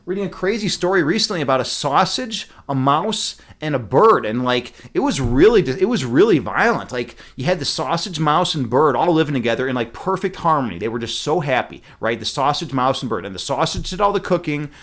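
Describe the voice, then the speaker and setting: A man's voice: on the high side, expressive, a little fast, few pauses, a bit bright. A young man from the Midwestern US hosting a casual livestream, rambling, swearing freely and joking with his chat. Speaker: livestream host.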